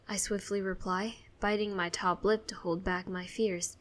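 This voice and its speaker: A woman reading a first-person audiobook in a soft, hushed storytelling voice. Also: mid-range voice, steady tone, measured pace. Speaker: audiobook narrator.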